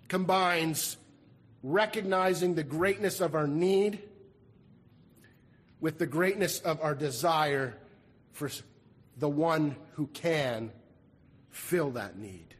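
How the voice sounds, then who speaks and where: A man's voice: a little high, slow, long pauses, a bit bright, breathy edge, big-room sound. A man preaching a sermon as pastor, earnest and repeating his key phrases. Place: church sanctuary.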